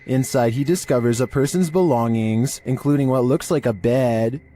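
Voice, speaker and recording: Man, monotone narration, dark mellow tone, mid pitch, scripted countdown delivery. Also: moderate pace, soft background music. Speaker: narrator of a creepy-video countdown.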